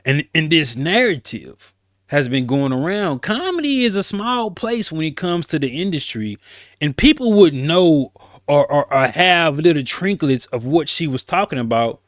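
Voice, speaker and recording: A man's voice: on the high side, very animated, moderate pace, no room sound, studio quality. A man hosting a casual commentary show, talking bluntly and emphatically in slang, often repeating words as he rants. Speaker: commentary host.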